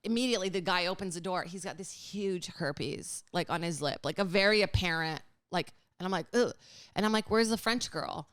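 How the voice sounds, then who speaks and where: A woman's voice: fairly low pitch, fairly quick, fairly bright tone, dry recording. A woman in her thirties, a comedian guest, telling a frank, chatty story on a podcast with lots of "like". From Brazil. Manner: chatty, frank, heavy use of "like".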